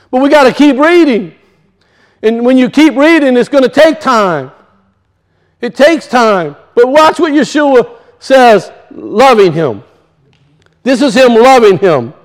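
A man's voice: extremely high pitch, expressive, measured pace. A male pastor preaching a sermon, emphatic, with rhetorical questions and casual asides.

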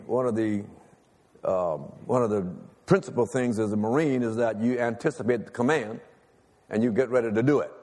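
With a somewhat dark, mid-range voice, this older male preacher shares a personal story during a sermon, chatting with the congregation and inviting them to answer back. The long reverb of a big hall surrounds him.

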